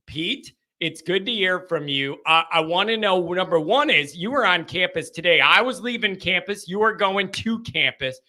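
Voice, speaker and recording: A man hosting a live sports call-in show, excitable and loud, riffing and telling stories to his callers. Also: high-pitched. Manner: hyped, loud, riffing storyteller.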